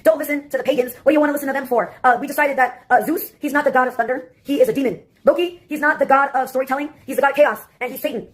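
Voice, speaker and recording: A woman's voice: sits high, steady tone, rapid-fire, hardly any pauses. A woman delivering a rambling, sarcastic comic monologue that jumps from topic to topic.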